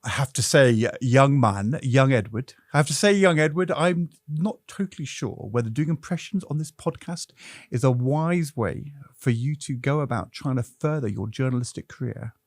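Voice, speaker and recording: A man doing an impression of a suave older political operator who talks down to a younger colleague in a slow, drawn-out way. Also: mid-range voice, animated, no room sound. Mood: condescending. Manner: condescending, drawn-out.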